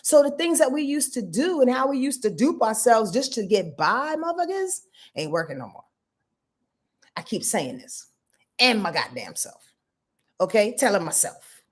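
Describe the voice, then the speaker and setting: A woman's voice: fairly high pitch, very animated, moderate pace. A woman giving a casual live astrology rundown as host of her channel. She talks to her viewers in a blunt, profane, emphatic way and answers their comments as she goes.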